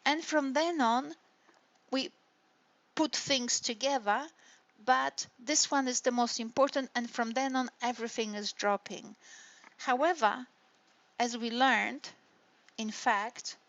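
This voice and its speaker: A university lecturer explains intonation step by step in a recorded online lecture, often checking in with "right?" and "hey?". Her voice is on the high side and a bit bright, with fairly even intonation and a slow pace broken by frequent pauses. The recording is dry, dull and lo-fi.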